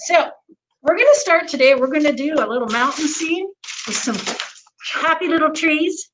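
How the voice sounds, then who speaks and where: High-voiced woman with folksy Southern drawl. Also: normal speed. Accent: put-on Southern US. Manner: soft, folksy, gently joking. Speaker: painting instructor. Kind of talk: livestream painting lesson in the manner of a TV painter. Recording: noisy livestream audio.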